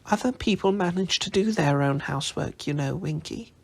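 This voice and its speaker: A sharp, no-nonsense schoolgirl from a storybook speaks in a raised voice with a gravelly edge, as a man puts her on. She sounds severe and quick to correct. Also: high voice, voice pushed up. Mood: stern. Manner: severe, exasperated. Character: brisk earnest schoolgirl, severe.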